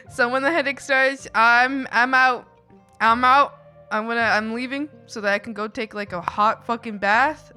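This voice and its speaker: Young woman streamer, bright voice, chatty and giggly, faint music underneath. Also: fairly high pitch. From Canada. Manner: chatty, giggly, rambling with frequent restarts. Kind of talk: casual chat with viewers. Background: faint background music.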